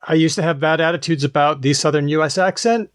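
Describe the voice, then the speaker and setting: A man's voice: on the high side, quick pace, clear, resonant tone, no room sound, studio quality. A man co-hosting a podcast, explaining things in an easygoing, casual chat. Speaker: podcast co-host.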